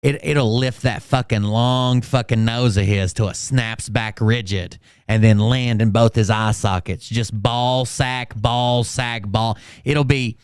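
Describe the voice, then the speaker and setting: A man's voice: medium pitch, steady tone, a little slow, few pauses, clear, resonant tone, dry recording, studio quality. A man mocking a played clip with crude, sarcastic, profane ridicule. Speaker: reaction commentator.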